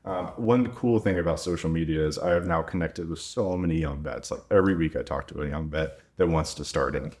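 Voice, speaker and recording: Vet in his thirties, very low voice, casual and anecdotal, chatty with lots of "like". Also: brisk, few pauses, a little mellow. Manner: chatty, quotes himself and others, lots of "like". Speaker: veterinarian and clinic owner. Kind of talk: casual podcast storytelling.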